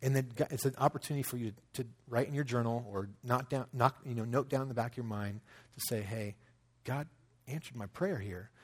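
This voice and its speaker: A man in his thirties telling a personal story in a conversational sermon, acting out quotes as he goes. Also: mid-range voice. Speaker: pastor.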